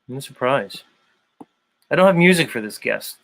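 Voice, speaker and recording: A man's voice: medium pitch, animated, moderate pace, creaky, a bit bright. Man, show host, casual chat, rambling, opinionated, lots of fillers.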